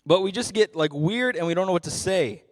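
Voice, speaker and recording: A man's voice: high voice, lively intonation, brisk, long reverb tail. A young adult man giving a youth sermon as a ministry intern, casual and self-deprecating with frequent jokes.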